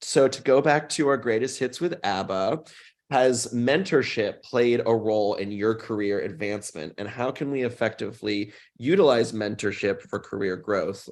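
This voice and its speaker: A man with a low, gravelly voice hosts a live Q&A over a video call mic. He talks in an effusive, playful way and is quick to open up emotionally. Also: darkish tone. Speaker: host.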